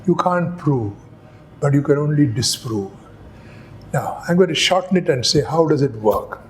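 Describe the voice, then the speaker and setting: A man's voice: fairly high pitch, animated, a little hiss or hum. An older man from India, giving a classroom lecture as an epidemiology lecturer, telling stories and asking rhetorical questions. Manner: slow, storytelling, acts out dialogue with rhetorical questions.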